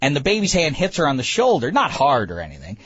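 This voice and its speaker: A man, host of a talk show, telling a comic story in an animated, self-mocking way with many stammering restarts. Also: on the high side, quick pace, slightly rough, no echo, muffled recording. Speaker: podcast host.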